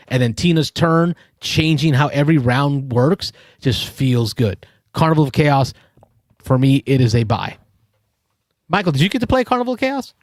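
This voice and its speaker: Guy on a board game show hyping up an expansion, mid-pitched voice, dry sound. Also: a little mellow, dry recording. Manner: enthusiastic, explains in detail with self-corrections. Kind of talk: casual review chat.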